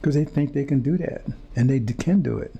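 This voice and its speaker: Heard on a lo-fi recording, a man with a warm, medium-pitched voice, vocal fry and a breathy edge speaks briskly. He's a preacher confronting his audience in a fiery monologue, repeating phrases and stumbling into restarts while searching for words.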